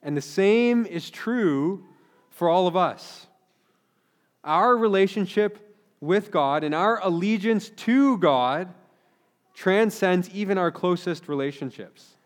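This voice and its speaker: A man's voice: high voice, slow. A man in his thirties, a pastor giving an earnest, conversational sermon with frequent restarts. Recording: long hall reverb.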